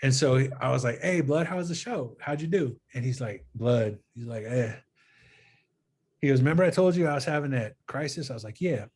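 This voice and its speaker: A man in a relaxed conversation retells a friend's story, switching into quoted dialogue as he goes. His voice sits at a middle pitch and his delivery is earnest and animated. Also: fairly quick, slightly rough. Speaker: guest filmmaker. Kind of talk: casual storytelling interview.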